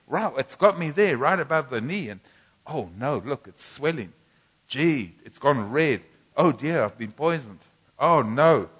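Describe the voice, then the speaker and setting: A man's voice: on the high side, big pitch swings, normal speed, a bit bright, husky, voice pushed up, full character voice. A man doing a fretful whining snakebite victim. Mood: panicky. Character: panicking man fussing over a snakebite.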